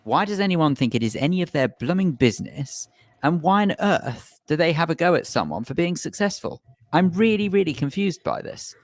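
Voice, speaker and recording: A man's voice: a little high, big pitch swings, moderate pace, no room sound, studio quality. A man co-hosting a radio show, chatting casually and reading out listener messages. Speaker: radio co-host.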